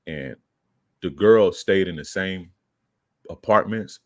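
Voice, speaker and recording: A man's voice: deep voice, takes it slowly, darkish tone, no room sound, clean studio sound. A young man, a podcast guest, casually telling a profane street story and acting out the quoted lines in a raised voice.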